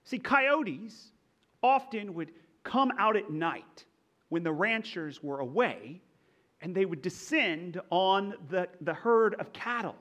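A young man from Texas with a faint Texan accent, preaching a conversational sermon as pastor with a relaxed, self-deprecating manner. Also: high voice, a little slow.

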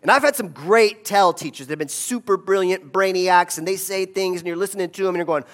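A man's voice: sits high, fairly quick, hardly any pauses. A man giving a conversational storytelling talk, often checking in with his audience. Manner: conversational, asks the audience "right?".

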